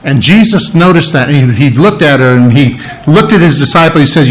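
A man's voice: a little high, lively intonation, brisk, poor audio. A man preaching a conversational sermon, chatty, checking in with his listeners and imitating sounds.

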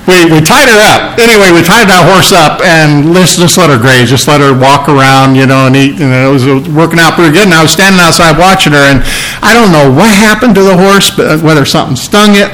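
A middle-aged male preacher giving a conversational sermon, often restarting phrases and clearing his throat. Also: fairly high pitch, a bit bright, rough recording.

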